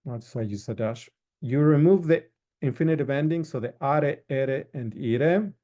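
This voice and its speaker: A man teaching a recorded lesson, explaining verb forms slowly with frequent fillers and listing each form one by one. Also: mid-range voice, dark tone. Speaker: Italian instructor. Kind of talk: recorded lecture.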